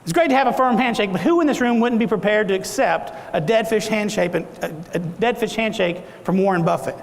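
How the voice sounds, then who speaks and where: A man's voice: high-pitched, a little fast, slight background noise. A middle-aged man giving a motivational talk at a conference, quizzing the audience and acting out different tones of voice. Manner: animated, audience questions, acts out tones. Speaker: keynote speaker. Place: large conference hall. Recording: echoey hall.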